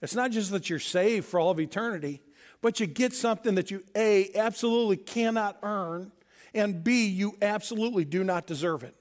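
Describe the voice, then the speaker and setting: A man from Missouri preaches a sermon in a fairly high voice. He makes emphatic points and acts out the dialogue of the people in his stories. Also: brisk. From Missouri, USA. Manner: storytelling with acted-out dialogue, emphatic. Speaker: pastor.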